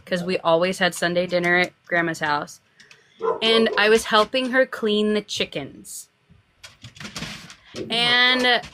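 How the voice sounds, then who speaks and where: A young woman chatting on a livestream, telling lively family stories and laughing often. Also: mid-range voice. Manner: animated storyteller, laughs a lot. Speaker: guest author. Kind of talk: casual chat on a livestream.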